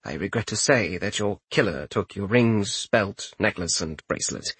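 A man voicing a formal, loyal male chamberlain who speaks in a low, measured, deferential way. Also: fairly bright tone, breathy edge, no echo. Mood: grave.

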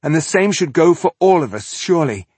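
A man's voice: fairly high pitch, animated, fairly quick, darkish tone, breathy edge, no echo, voice pushed up. A man voicing a determined female warrior who speaks urgently. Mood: insistent. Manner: urgent, insistent.

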